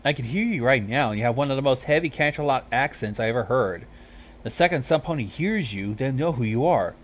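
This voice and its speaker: A man's voice: medium pitch, animated, brisk, natural voice. A man voicing a brash, cool young vampire mare DJ who talks casually and teases bluntly. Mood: teasing.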